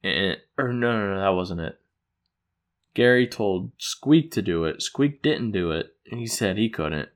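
A man's voice: fairly low pitch, animated, unhurried. A man casually recapping an episode he wrote, rambling with fillers, chuckling and correcting himself. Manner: loose and chuckling, with frequent fillers and self-corrections.

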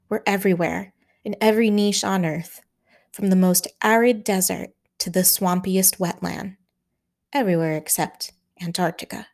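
A woman reading a wartime novel aloud, her delivery measured and dramatic. Her voice sits in an ordinary middle range for a woman, steady and clear as she tells the story. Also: medium pitch. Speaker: audiobook narrator. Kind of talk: scripted narration.

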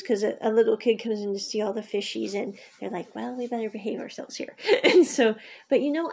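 Woman vlogger, mellow husky tone, casual rambling review with ums and asides. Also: a little high. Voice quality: husky, gravelly. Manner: chatty, many ums and asides. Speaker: drama reviewer. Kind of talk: casual spoken review, retelling scenes.

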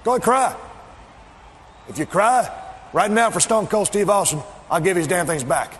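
Taunting man shouting in an echoey arena. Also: sits high, expressive, normal speed. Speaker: pro wrestler. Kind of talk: wrestling promo. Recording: echoey arena audio with faint background noise.

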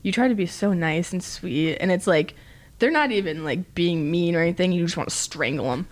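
A woman's voice: on the low side, fairly quick. A young adult woman co-hosting a podcast, chatting casually and teasing playfully. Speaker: co-host.

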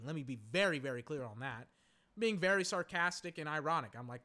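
Young male podcast host, high and bright, rambling and exasperated, fillers and cursing. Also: expressive, fast talker. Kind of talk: casual live game commentary. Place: home, in a recliner.

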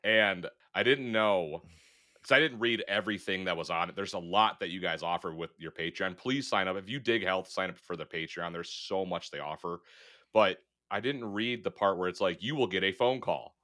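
Low-voiced, bright podcast host from Michigan. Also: male voice, moderate pace. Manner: laid-back, profane, tells anecdotes with acted-out quotes. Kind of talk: casual podcast interview.

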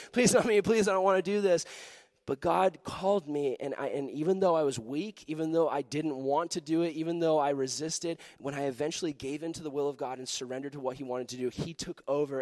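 A young man preaching to a youth group, telling a story with lively acted-out voices and frequent laughter. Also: mid-range voice, dry recording. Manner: animated, acts out voices in his story, laughs often. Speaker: pastor.

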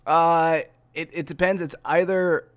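A young man co-hosting a casual chat, animated and self-mocking, calling people "dude". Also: on the high side, a little slow, clear, resonant tone. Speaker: podcast co-host.

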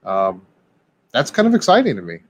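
A man in a casual podcast chat, talking in an excitable, rambling way and peppering his talk with dude and man. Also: fairly low pitch, moderate pace, slight background noise.

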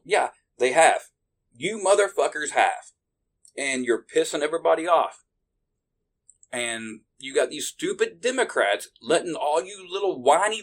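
A man with a mid-range voice rants angrily as a podcast host. He swears constantly, and his delivery flares into loud, heated bursts. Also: mid-range voice. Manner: profane, heated, shouting bursts. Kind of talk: angry political rant.

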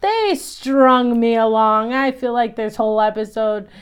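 A woman casually recapping a TV episode, chatty and animated, laughing often and acting out quoted lines. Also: a little high, unhurried, clean tone.

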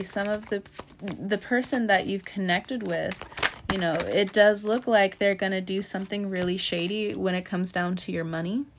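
Young woman doing a chill tarot reading podcast, laughs a lot, lots of "like", mid-pitched voice. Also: background noise. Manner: laughs often, loose filler-heavy talk. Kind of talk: casual chatty tarot reading.

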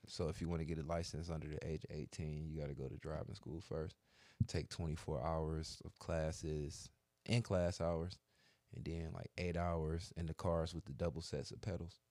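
A man's voice: a bass voice, level tone, moderate pace, darkish tone, no room sound. A middle-aged man telling stories in casual, slangy, profane chat. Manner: laid-back storytelling, slangy and profane.

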